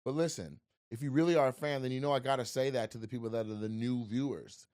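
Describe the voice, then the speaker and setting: A man doing crowd work as a stand-up comedian and podcast host, talking loudly, laughing, and mimicking voices. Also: mid-range voice, fairly even intonation, quick pace. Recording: roomy live venue, crowd noise, far from mic.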